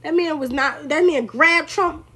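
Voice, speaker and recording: Sassy, animated young woman. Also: sits high, a little slow. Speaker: political commentary creator. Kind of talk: casual political commentary on a livestream.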